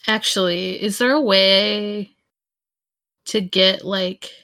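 A woman's voice: medium pitch, fairly even intonation, slow pace, sharp tone, rough recording. A woman playing a tabletop game, hesitant and self-deprecating, rambling. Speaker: player. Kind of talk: casual tabletop play.

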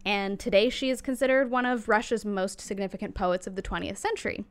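A woman's voice: mid-range voice, steady tone, brisk, smooth. A woman co-hosting a podcast in casual chat, chatty with frequent ums and self-corrections. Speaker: podcast co-host.

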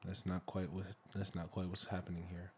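Chill young dude rambling on a podcast, low-ish voice, lots of likes and you knows. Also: male voice, little pitch movement, brisk, darkish tone. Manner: laid-back, rambling, many fillers, casual swearing. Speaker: podcast co-host. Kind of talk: casual chat.

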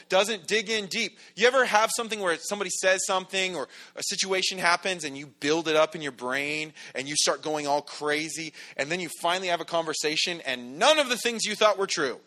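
A man's voice: a little high, expressive, fairly quick, bright, forceful tone. A middle-aged man preaching a casual, conversational sermon as a pastor, full of asides and rhetorical questions.

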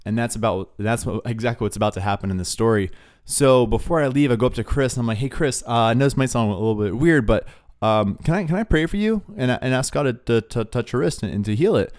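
Young male co-host, relaxed storyteller with a skater-slang manner, mid-pitched. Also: quick pace. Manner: laid-back, says "dude" and "like" a lot. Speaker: podcast co-host. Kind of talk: casual faith talk, storytelling.

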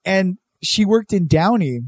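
A man's voice: sits high, expressive, a little slow, crowd noise. A young man from California, telling a rambling, profane story in casual chat and saying "dude" a lot.

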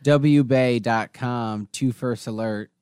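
A man's voice: mid-range voice, steady tone, slow pace, a little mellow, clear, resonant tone, no echo, clean studio sound. A man co-hosting a casual podcast, easygoing and steering the talk back on topic. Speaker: podcast co-host. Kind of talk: casual chat among friends.

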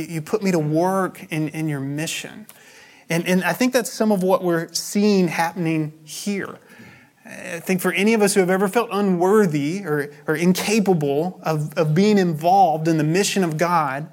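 A man's voice: high voice, darkish tone. Conversational male pastor preaching. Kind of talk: sermon.

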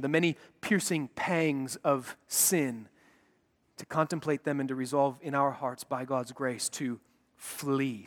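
Pastor, man, high-pitched, urgent earnest preaching, reverberant church hall. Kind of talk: sermon.

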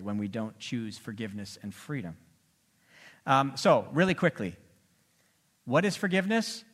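In a mid-range voice, a male pastor preaches his sermon, shifting between emphatic, loud passages and hushed asides.

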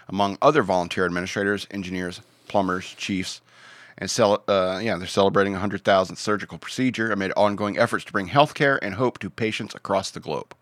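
A man's voice: lowish voice, fairly bright tone, dry recording. A man hosting a podcast, reading out odd news stories in a rambling, joking way with many fillers. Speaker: podcast host.

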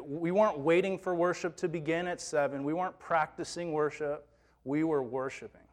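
A man who works with teens, preaching a sermon as a personal story in a conversational, self-quoting way. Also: on the high side. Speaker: youth minister preaching.

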